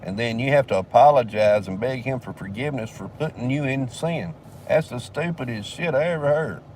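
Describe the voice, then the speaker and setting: A man's voice: mid-range voice, fairly quick, darkish tone, distant mic. An older man spins a long, cussing yarn in a loose, drawling way, chuckling as he goes. He sits a little back from the mic, with a faint hum of a vehicle behind him. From southern United States. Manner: profane, rambling, drawling, laughs between lines. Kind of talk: casual storytelling.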